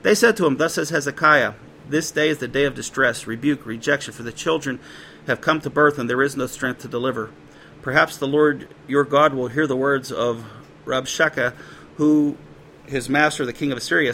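A man with a drawl preaching to his congregation in a loose, conversational way. His pitch sits right in the middle for a man. He breaks into quoted voices now and then, and a faint hiss of background noise runs under him. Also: pushed and bright. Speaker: pastor. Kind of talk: sermon.

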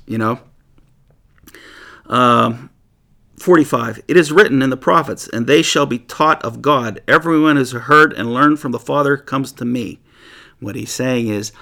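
A man teaching through a Bible passage in a sermon, reading verses aloud and then paraphrasing them in a lively, conversational way. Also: medium pitch, moderate pace, vocal fry. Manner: animated, reads scripture aloud then paraphrases it conversationally, laughs often.

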